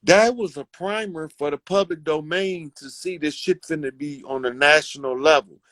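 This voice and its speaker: A man holds forth in a loose, preachy monologue, addressing his community directly and swearing freely. His voice sits somewhat high for a man. The sound is close and dry, with no room echo. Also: normal speed, fairly bright tone. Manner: profane, fervent, preaching to listeners.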